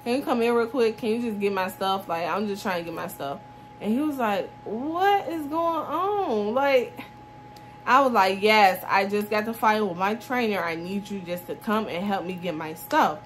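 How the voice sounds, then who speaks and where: A woman in her twenties tells a casual storytime vlog in a medium-pitched voice at a moderate pace, acting out everyone's quoted dialogue and laughing along the way. There's a slight hiss or hum in the recording.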